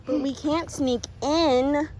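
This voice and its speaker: A woman's voice: high-pitched, fairly even intonation, slow, warm tone, slight background noise, low-quality recording. A woman giving playful, dramatic commentary on a game video, giggling, squealing and bossing her friend around. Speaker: gaming video creator.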